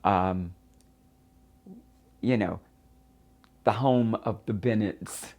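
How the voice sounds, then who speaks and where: An older woman from Florida telling her own life story in a reflective, halting way, pausing often with fillers. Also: very deep voice, darkish tone. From United States (Florida). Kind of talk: first-person documentary storytelling.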